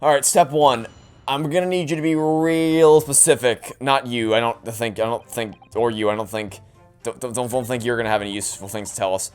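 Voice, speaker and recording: A man's voice: mid-range voice, fairly even intonation, fairly quick, smooth, faint music behind. A man casually commenting on a game playthrough in a rambling, self-deprecating way. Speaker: let's play host.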